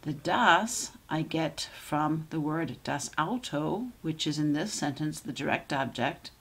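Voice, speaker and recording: A woman's voice: deep voice, animated, vocal fry, husky. A woman teaching German grammar, patiently walking through example sentences and checking in with "okay?". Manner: slows down to model German sentences.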